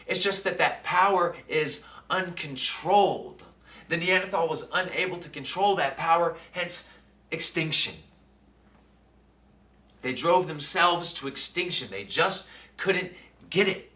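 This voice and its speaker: Speaking unhurriedly in a sharp, higher-leaning voice, a male vlogger reflects on his day to the camera. He's conversational and filler-heavy, often asking "right?", and the distant mic gives a roomy sound.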